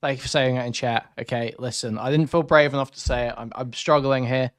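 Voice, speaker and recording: A man's voice: medium pitch, steady tone, a little fast, no echo, clean studio sound. A man streaming live, talking in a blunt, sarcastic, rambling way as he reacts to chat. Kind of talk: casual live-stream commentary.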